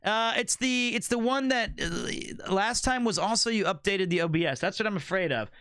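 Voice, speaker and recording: A man's voice: sits high, moderate pace, sharp tone, clean tone, no room sound, studio quality. A man livestreaming and chatting casually with viewers, playful and joking, swearing freely.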